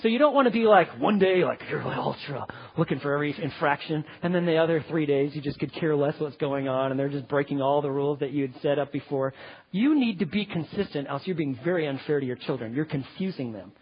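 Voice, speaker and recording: A man teaching parenting in sermon style, animated, often checking in with "okay?". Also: a little high, quick pace, breathy edge. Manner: animated, acts out parents and kids, keeps asking "okay?". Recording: dull, lo-fi hall with long reverb.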